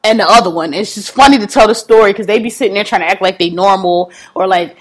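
A woman's voice: medium pitch, fast talker, hardly any pauses. A woman in casual chat, retelling a story with laughter, slang and acted-out quotes.

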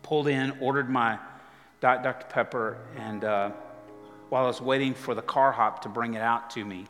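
A man preaching a guest sermon, telling a personal story in a conversational way that swings from lively to hushed. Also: medium pitch, normal speed. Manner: conversational, animated storytelling with dramatic drops to quiet. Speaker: guest pastor. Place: church auditorium with live music behind. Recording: live church hall reverb with music.

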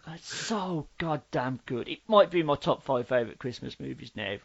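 Co-host, Black Country man, lively swooping delivery, emphatic takes, muffled audio. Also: mid-range voice, moderate pace, vocal fry. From Black Country, England. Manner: animated, emphatic opinions. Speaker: podcast co-host. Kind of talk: casual film review chat.

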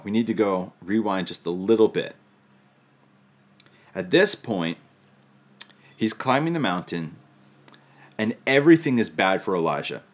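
Deep-voiced male preacher. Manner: reflective, lightly humorous teaching. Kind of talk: sermon on scripture.

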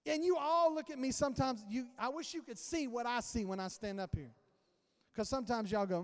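High-voiced preacher man in a reverberant hall. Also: a little fast. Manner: conversational preaching, acts out dialogue. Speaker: pastor. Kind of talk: sermon. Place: church sanctuary.

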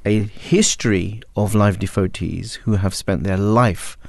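A man on a panel speaks in a measured, philosophical way. His voice is low with a gravelly edge. The recording is dry and close. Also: fairly even intonation, dry recording. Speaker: panel guest. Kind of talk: panel discussion.

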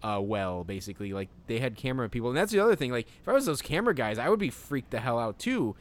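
A man co-hosting a casual podcast, rambling in halting bursts, swearing freely and laughing often. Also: medium pitch, sing-song. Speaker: podcast co-host. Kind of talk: casual chat.

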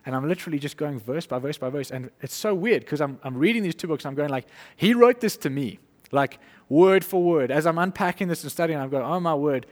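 A man's voice: a little high, fast talker, few pauses. Casual preacher man in a reverberant hall. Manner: conversational, animated, acts out quotes with laughs. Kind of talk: informal sermon.

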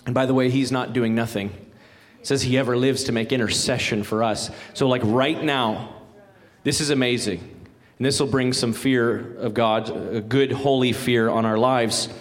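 Male guest pastor, mid-pitched, chatty folksy sermon with light jokes. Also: fairly even intonation, normal speed. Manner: folksy, conversational, joking asides. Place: church sanctuary.

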